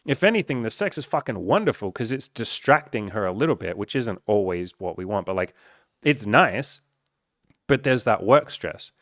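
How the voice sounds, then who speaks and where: A man's voice: on the low side, very animated, normal speed, fairly bright tone, no room sound, studio quality. A man, a dating coach talking casually and frankly to camera, swearing freely and filling his talk with casual filler words.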